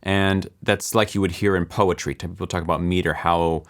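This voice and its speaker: A man teaching music production, explaining calmly with the odd um and counting beats aloud softly. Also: deep voice, normal speed, few pauses, clear, resonant tone. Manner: explains calmly with filler ums. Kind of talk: relaxed screen-recorded lesson.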